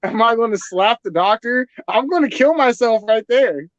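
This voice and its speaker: A young man telling crude, animated stories with lots of swearing in a casual podcast chat. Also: very high-pitched, normal speed, dry recording, highs cut off. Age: young adult. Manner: crude, animated storytelling with profanity.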